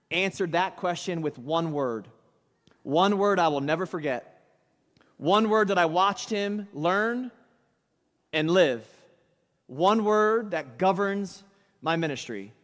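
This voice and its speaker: A male pastor preaching in church, spinning a dramatic story with emphatic punches. His voice runs high for a man, and a long reverb from the hall trails each phrase. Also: animated, slow, pauses often, a bit bright. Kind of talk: sermon.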